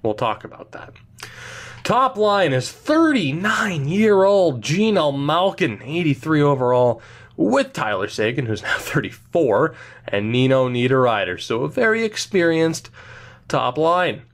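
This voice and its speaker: A young man casually commenting on his hockey video game franchise, playful and self-mocking, with drawn-out pauses. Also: fairly high pitch, sing-song. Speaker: gaming video host.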